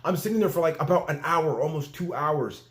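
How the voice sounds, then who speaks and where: A young man from Canada telling a story in a casual vlog, animated and full of fillers, acting out what he said at the time. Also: a little high, fairly quick. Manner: animated storytelling, filler-heavy, acts out his own quotes. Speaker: vlogger.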